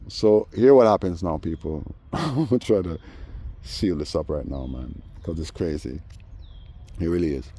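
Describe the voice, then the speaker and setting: A man telling a story in a casual monologue, animated and acting out the voices of others. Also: sits low, normal speed, breathy edge. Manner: animated, acts out voices in quoted dialogue. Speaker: vlogger.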